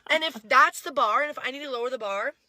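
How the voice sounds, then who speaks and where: A woman in an online video, talking emphatically and preachily in a quick, rushed rush of words. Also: sits high, crowd noise. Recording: noisy clip with clicks.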